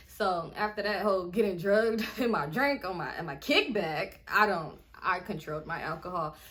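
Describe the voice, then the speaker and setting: A woman's voice: fairly low pitch, fairly bright tone. A young woman vlogger telling a story in a casual, slangy way and acting out what people said.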